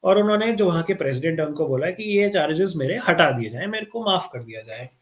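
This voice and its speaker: A man with an Indian accent talks through a live current affairs lesson at a brisk clip. His voice sits somewhat high, and he slips between Hindi and English as he chats with the viewers. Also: lively intonation. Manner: mixes Hindi and English, chatty and encouraging with viewers. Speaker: teacher.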